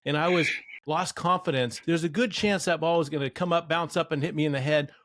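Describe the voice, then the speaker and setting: A man's voice: fairly high pitch, fairly even intonation, fairly quick, a bit bright, no room sound, clean studio sound. A man co-hosting a podcast in casual chat, telling stories in a folksy manner. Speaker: podcast co-host.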